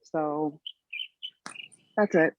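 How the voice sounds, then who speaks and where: A woman's voice: low-pitched, drawn-out words, background noise. A woman guest on a podcast, talking frankly in casual chat and rambling with many "like" and "you know". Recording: muffled lo-fi sound.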